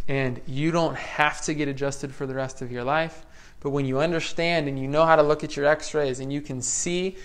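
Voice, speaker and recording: A man with a fairly high voice for a man gives a lively health talk to a crowd as a chiropractor. He talks in a casual, slangy way and drives his points home by repeating them. Every line carries an emphatic push. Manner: energetic and emphatic, repeats key phrases. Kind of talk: motivational health talk to a live audience.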